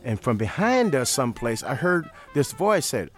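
Older guy from st louis telling stories in an interview, laid back, chuckles, soft music in the back. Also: medium pitch, normal speed. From St. Louis, USA. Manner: relaxed, chuckling, repeats phrases. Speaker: interview guest. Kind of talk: storytelling in an interview.

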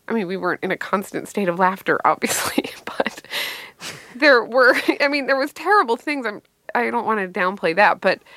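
A middle-aged woman comedian tells a wry, animated story from her own life and fields interview questions. Her voice is mid-range, and the recording is dry.

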